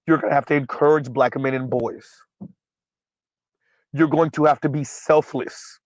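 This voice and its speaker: A man's voice: mid-range voice, steady tone, moderate pace, darkish tone, no room sound, low-quality recording. A man hosting a livestream, speaking bluntly and emphatically, repeating his points, and stumbling over fillers while he recalls names. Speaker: livestream host. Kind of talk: casual livestream commentary.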